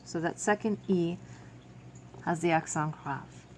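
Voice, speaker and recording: A woman's voice: on the low side, a little slow, darkish tone, slight background noise. A woman teaching a French verb lesson to students, explaining each step patiently. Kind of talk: classroom video lesson.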